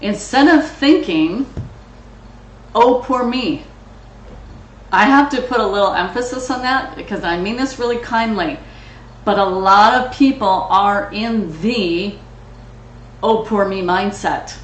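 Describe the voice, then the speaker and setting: A woman's voice: mid-range voice, measured pace, roomy sound, muffled recording, slight background noise. A woman hosting a business coaching session, speaking frankly and with motivational emphasis. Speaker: host. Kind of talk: coaching talk.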